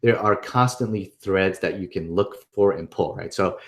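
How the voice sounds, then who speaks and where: A man with a slightly low voice teaches a webinar in an easy, conversational way. He stays upbeat and keeps checking in with his listeners as he explains each point. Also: moderate pace. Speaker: webinar presenter. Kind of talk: casual instructional talk.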